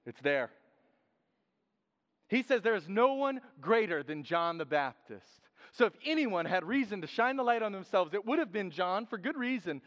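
A man preaching a sermon in a lively, joking way, acting out quotes in different voices. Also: sits high, moderate pace. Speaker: pastor. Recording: dull sound with long hall reverb.

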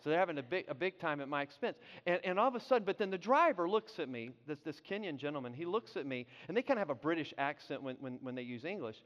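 A man preaching a sermon, telling a story in an animated way, often repeating and restarting his words. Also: a little high, quick pace, hardly any pauses. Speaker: pastor. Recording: dull sound with long hall reverb.

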